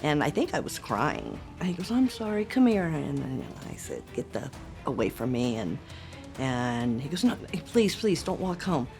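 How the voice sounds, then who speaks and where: A woman speaks in a low register during an interview. She recounts past events haltingly, acting out what each person said. Faint music plays under her. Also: gravelly. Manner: halting, animated retelling with quoted dialogue. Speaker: interviewee, former girlfriend. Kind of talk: interview testimony.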